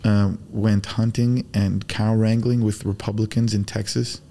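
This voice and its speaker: A man who grew up in the Arab world, talking as a guest in a casual podcast conversation, an animated storyteller who acts out quotes and swears freely. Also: fairly low pitch, measured pace, creaky.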